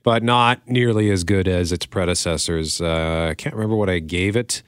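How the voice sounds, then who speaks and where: A man hosting a casual movie review chat, talking in a lively, chatty way. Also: deep voice, normal speed, clear, resonant tone, no room sound, clean studio sound.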